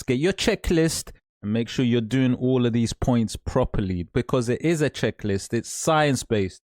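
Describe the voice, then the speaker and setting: A man speaks straight to his viewers as a coach, pressing each point again and again. His voice sits at a middle pitch and sounds dry and close. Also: darkish tone, no room sound. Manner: emphatic, repeats points, calls listener mate. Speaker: online business coach. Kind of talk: direct-to-camera advice talk.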